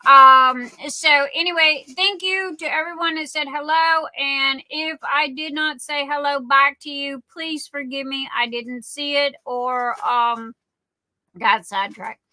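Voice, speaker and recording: A woman with a high-pitched voice and a Southern accent hosts a livestream, speaking slowly and brightly in a steady tone. She rambles chattily in casual conversation and calls her viewers darling. The audio is dry and close, with no room or echo.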